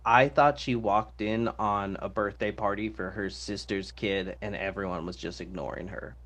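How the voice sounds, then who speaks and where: Low-voiced man chatting on a podcast. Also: moderate pace. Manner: relaxed, rambling, many fillers. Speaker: podcast co-host. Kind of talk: casual podcast discussion.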